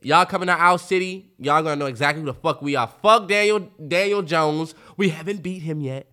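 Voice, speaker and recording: A man co-hosting a casual sports podcast, loud and trash-talking, swearing a lot. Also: on the high side, fairly quick. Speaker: podcast co-host.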